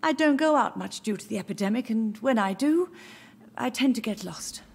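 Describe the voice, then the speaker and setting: A woman's voice: fairly high pitch, expressive, normal speed, gravelly, slightly rough, exaggerated voice. A confused, grieving old mother. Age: older. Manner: wandering, tender, dreamy.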